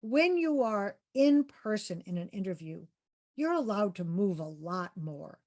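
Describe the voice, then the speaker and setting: A woman's voice: medium pitch, big pitch swings, unhurried, darkish tone. A woman coaching interview skills in a workshop, upbeat and encouraging, asking participants questions and demonstrating voice tones.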